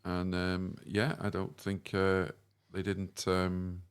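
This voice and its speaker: A man's voice: low voice, completely flat delivery, slow pace, clean tone. A man from Wales hosting a casual podcast chat, teasing and leading the talk with friends. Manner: chatty, teasing, leads the talk. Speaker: podcast host.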